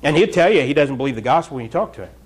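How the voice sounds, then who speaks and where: A man's voice: a little high, animated, rapid-fire, breathy edge. A man preaching a fiery, blunt sermon in church, scolding the congregation. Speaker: pastor.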